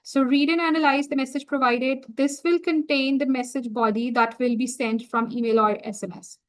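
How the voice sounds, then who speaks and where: A woman walking viewers through a software setup on a screen-share tutorial, talking through each click as she goes. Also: sits high, steady tone, rough recording. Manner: slow, explanatory, talks through each click. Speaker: software trainer.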